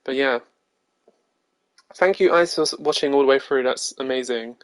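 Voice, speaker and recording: A hoarse male streamer chatting casually, laughing now and then as he talks. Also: medium pitch, normal speed, no room sound. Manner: chatty, laughs between sentences. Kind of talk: casual gaming stream chat.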